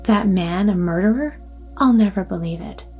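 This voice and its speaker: A woman voicing a kindly, talkative old grandmother in a gentle, earnest way. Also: medium pitch, normal speed, soft background music, natural voice. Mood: fretful.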